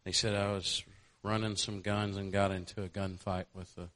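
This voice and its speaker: Low-voiced preacher guy giving a sermon, gets loud and fired up. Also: level tone, normal speed. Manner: builds from quiet storytelling to loud impassioned altar call.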